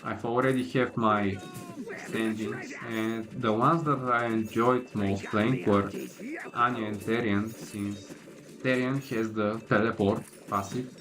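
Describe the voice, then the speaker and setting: Male gaming streamer, low-pitched, relaxed and chatty, clear crowd noise behind. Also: slow. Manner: laid-back, opinionated, many "like" and "I mean" fillers. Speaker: gaming livestreamer. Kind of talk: casual livestream commentary while playing.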